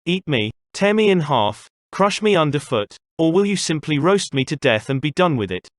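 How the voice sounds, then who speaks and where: A man's voice: fairly high pitch, sing-song, moderate pace, no echo, clean studio sound. A man voicing a haughty, sneering old nobleman in an audiobook.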